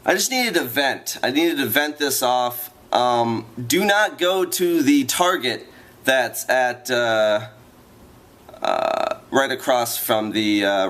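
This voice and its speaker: A man's voice: medium pitch, fairly bright tone. A man ranting to his viewers in a vlog, rambling and exasperated, repeating himself as he vents. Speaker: vlogger.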